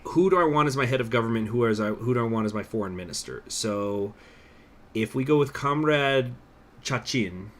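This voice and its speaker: A man's voice: medium pitch, lively intonation, moderate pace. A young man live-streaming a strategy game, rambling casually with lots of fillers and swearing.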